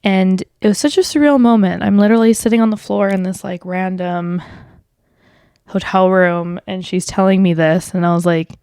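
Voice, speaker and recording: This podcast host, a woman in her twenties, talks at a normal speed with fairly even intonation and a warm, clean tone. Alone on the mic, she recounts a personal story in a casual, profane way full of fillers, raising her voice to a livelier pitch for quotes. The studio sound is clean with no room sound.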